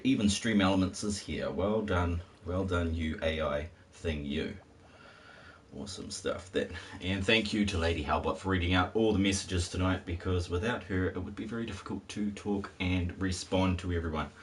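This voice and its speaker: A low-voiced man talks at a moderate pace during a game stream, his commentary casual, rambling and wry. The mic is distant, so he sounds a bit off-mic with faint hiss.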